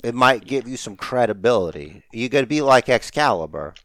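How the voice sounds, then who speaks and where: Lively, teasing male podcast host. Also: medium pitch, moderate pace, no echo. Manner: jokey, teasing, animated. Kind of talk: casual podcast banter.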